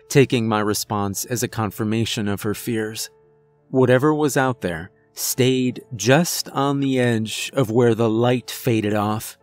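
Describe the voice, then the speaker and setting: A man reading a first-person horror story aloud in a measured, suspenseful way. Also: on the low side, dry recording. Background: faint music.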